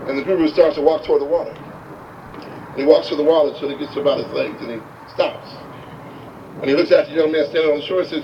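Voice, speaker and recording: A man giving a motivational talk, telling a story with animated delivery and acting out the characters, recorded from a distance with dull sound. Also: fairly high pitch, fast talker. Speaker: motivational speaker. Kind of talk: storytelling speech. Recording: distant, dull, faint hiss.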